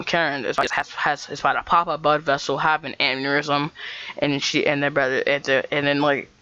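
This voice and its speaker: A man recounting a story for his channel, wandering through it with restarts and "like" at every turn. His voice is fairly high and bright, with a smooth, clear tone. The recording is dry and sounds dull, like a cheap mic. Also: little pitch movement, normal speed, no room sound. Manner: rambling, full of fillers and restarts. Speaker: vlogger. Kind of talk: storytime vlog.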